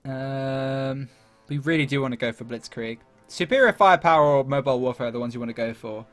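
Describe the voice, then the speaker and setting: Faint music plays behind a gaming YouTuber whose medium-pitched voice is fairly bright and brisk. He offers casual, talkative commentary on a strategy game, thinking aloud, leaning on fillers and laughing at himself.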